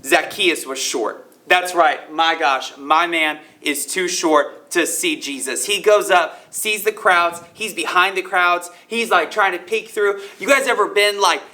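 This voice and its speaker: A young man leads a youth Bible lesson with plenty of hype. His voice sits high and sounds bright and forceful. He talks straight to the kids in a playful way. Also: measured pace, hardly any pauses. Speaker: youth ministry speaker.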